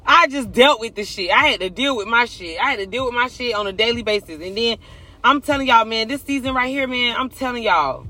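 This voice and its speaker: A man with a high, bright voice speaks straight to his audience in a casual vlog. He is blunt and profane, hammering his points home with emphasis. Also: animated, normal speed. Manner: blunt, profane and emphatic, addressing viewers directly. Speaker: vlogger. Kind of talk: casual confessional monologue.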